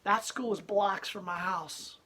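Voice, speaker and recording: A woman's voice: medium pitch, a little slow, sharp tone, husky. A woman who owns a gallery speaks bluntly and defiantly in an impassioned interview monologue. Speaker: gallery owner and protester.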